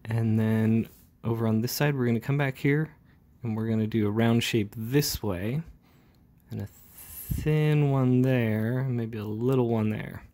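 A man's voice: medium pitch, fairly even intonation, a little slow, dark tone. Laid-back man talking through an inking tutorial. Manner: casual, talks while working, with fillers. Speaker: comic book inker. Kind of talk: relaxed ink-along tutorial narration.

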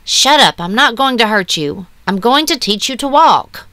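A woman's voice: a little high, animated, moderate pace, sharp tone, no room sound, pitched above the performer's own voice. A woman voicing a bossy, impatient older boy who talks sharply and makes demands. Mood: insistent.

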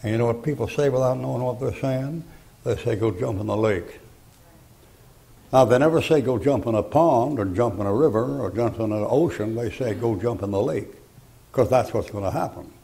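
Gravelly older preacher, folksy and blunt. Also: male voice, mid-range voice, moderate pace, dark tone, poor audio. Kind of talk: fiery sermon. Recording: archival sermon recording.

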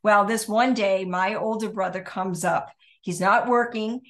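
An older woman co-hosting a podcast, telling a childhood story in a lively, laughing way. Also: medium pitch, unhurried. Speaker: podcast co-host. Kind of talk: storytelling chat.

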